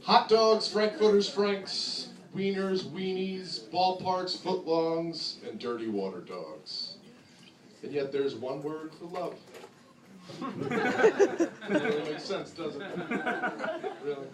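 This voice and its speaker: A man's voice: high-pitched, takes it slowly, pauses often, far from the mic. A young man from New Jersey with a New Jersey accent doing a crude, sarcastic stand-up comedy set, jumping into mock voices. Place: comedy club with a laughing audience. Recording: echoey club recorded from afar, crowd laughter.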